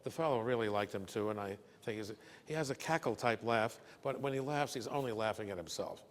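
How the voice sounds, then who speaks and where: Older male keynote speaker, folksy and joking, mid-pitched voice, long hall reverb. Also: a little fast. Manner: folksy, joking storyteller who asks "okay?" often. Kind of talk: business lecture with anecdotes. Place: breakfast event hall.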